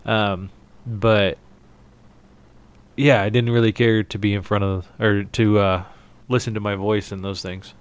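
A man co-hosting a casual podcast, relaxed and dry. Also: on the low side, measured pace, long pauses, clear, resonant tone. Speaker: podcast co-host.

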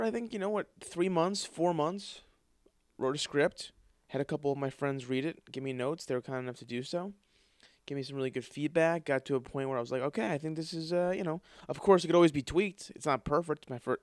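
A man's voice: a little high, no room sound, studio quality. A man hosting a podcast, telling rambling comedic stories with plenty of swearing and acted-out dialogue. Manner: profane, storytelling, acts out quoted voices. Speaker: podcast host. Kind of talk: casual comedic monologue.

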